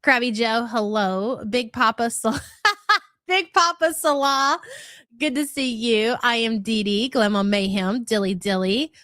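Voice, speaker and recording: A woman's voice: a little high, unhurried, fairly bright tone, dry recording, clean studio sound. A woman hosting a casual live stream who is fighting a cold. She chats along as she greets viewers one by one, reading out their names and calling them hun. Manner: chatty, reads out viewer names, calls people hun. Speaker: livestream host.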